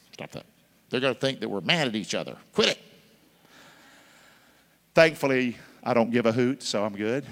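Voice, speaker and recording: Guy preaching, big echoey church, gets loud then drops way down, keeps asking the crowd to say it back. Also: fairly low pitch. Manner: calls for congregation responses, swings between loud and hushed. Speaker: pastor. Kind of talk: sermon. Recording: long hall reverb.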